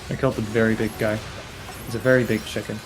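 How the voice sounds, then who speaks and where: A man explaining a speedrun route as he plays, in a halting, loose live-stream commentary style. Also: fairly low pitch, little pitch movement, poor audio. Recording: game music playing behind the voice.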